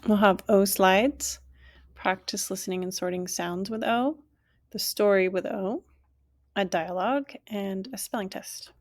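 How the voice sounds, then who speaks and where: A woman leading a recorded language class, speaking slowly and patiently. Her voice has a gravelly, creaky texture, and she repeats every word twice. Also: mid-range voice. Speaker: language teacher.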